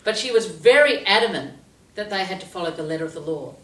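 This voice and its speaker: Aussie lady coach telling a story, expressive, sounds roomy and kinda far off. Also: mid-range voice, fast, slight background noise. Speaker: life coach. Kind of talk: storytelling monologue to camera. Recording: roomy echo, voice from a distance.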